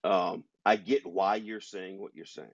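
Husky, emphatic man arguing his point. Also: low-pitched, fairly even intonation, unhurried. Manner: emphatic, argumentative. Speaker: podcast host. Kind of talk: opinionated discussion. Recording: dull lo-fi sound.

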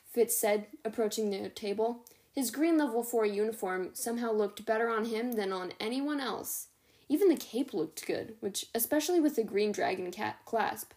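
A young woman reading a novel aloud as a podcast host, steady with the odd stumble and self-correction. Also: a little high, normal speed. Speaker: audiobook reader, podcast host.

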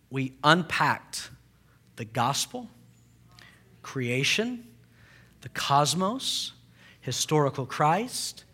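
A male pastor preaching with a bright, forceful tone and a voice that sits a little high. He tells stories with animated bursts, then drops into slow, hushed emphasis. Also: breathy edge. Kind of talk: sermon.

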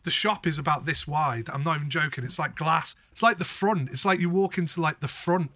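A man's voice: fairly high pitch, brisk, no room sound. A man co-hosting a casual podcast, telling stories with lots of swearing. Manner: animated storytelling, heavy swearing. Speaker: podcast co-host. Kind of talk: casual chat.

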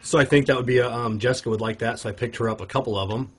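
A man's voice: mid-range voice, fairly even intonation, rapid-fire, breathy edge. A man co-hosting a casual cigar podcast, rambling with many fillers and restarts. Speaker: podcast co-host.

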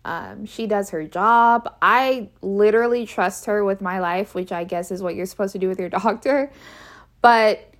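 Speaking at a medium pitch with a slightly bright tone, this woman takes her time as she recounts something from her own life. She's frank and conversational, drops in fillers, and repeats important phrases for emphasis.

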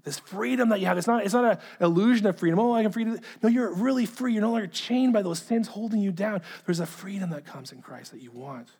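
A man delivers a sermon with earnest conviction, his voice sitting a little high for a man. He doubles back on words when he stresses a point and lets his thoughts fade into a hushed, quiet finish. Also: lively intonation, fast, few pauses, husky. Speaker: pastor. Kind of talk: sermon reading a letter aloud.

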